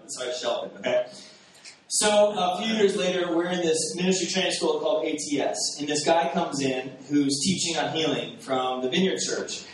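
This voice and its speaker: A pastor preaching a sermon in a storytelling way, lively and laughing, acting out his own past reactions. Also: on the high side, normal speed. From Texas. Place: church sanctuary. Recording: very echoey room, distant mic, faint hiss.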